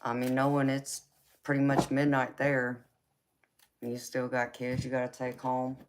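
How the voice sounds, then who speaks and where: A woman's voice: rumbling low, monotone, normal speed, a little hiss or hum. A middle-aged woman with a Southern US accent, hosting a casual live chat and calling viewers "baby" affectionately. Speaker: tarot reader and livestream host.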